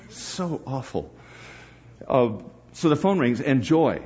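A middle-aged man preaching to a live audience, telling a story with bursts of laughter and acted voices. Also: fairly low pitch. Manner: animated storyteller, breaks into laughter and acts out voices. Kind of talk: storytelling sermon. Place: church hall before a live audience. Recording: dull lo-fi live recording.

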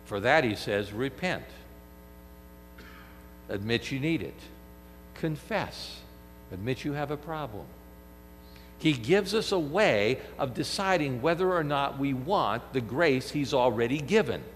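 A man preaching a sermon, animated, firing off rhetorical questions and acting out quoted speech. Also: mid-range voice, a little slow, pauses often. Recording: long hall reverb with mains hum.

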